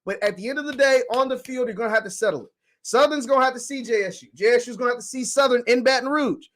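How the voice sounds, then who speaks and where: A man hosting a casual sports call-in show, talking in an animated way with callers. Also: extremely high pitch, fast. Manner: animated, laughs along with callers. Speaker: host.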